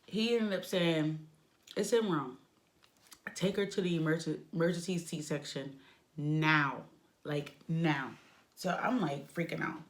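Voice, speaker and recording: A young woman chats through a personal story, her slightly low voice jumping up when she gets worked up. She talks casually and emotionally, like she is telling it to friends. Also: a little slow, long pauses. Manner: animated, emotional retelling with lively pitch swings. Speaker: vlogger telling a birth story.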